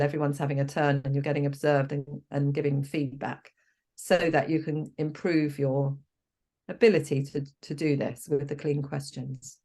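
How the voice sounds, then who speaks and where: A woman's voice: low-pitched, a little mellow. A woman coaching trainer explaining her method, acting out sample exchanges between coach and client, with frequent ums and restarts.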